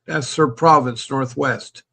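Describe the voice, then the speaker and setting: On this call-in livestream, the male host speaks slowly in a mid-range, creaky voice that's fairly bright, with fairly even intonation. He greets viewers by name as he reads their comments, chatting away and often repeating himself.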